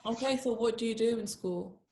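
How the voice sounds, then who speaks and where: A woman's voice: a little high, fairly quick, dark tone, echoey room. A woman with an English accent and a slight Canadian tinge, interviewing in a chatty, encouraging way. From England. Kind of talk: casual video-call interview.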